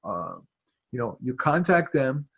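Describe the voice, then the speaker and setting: Husky man rambling through advice. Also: mid-range voice, very animated, unhurried, fairly bright tone. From New York. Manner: rambling, many restarts and fillers. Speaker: guest expert. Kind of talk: casual advice on a video call.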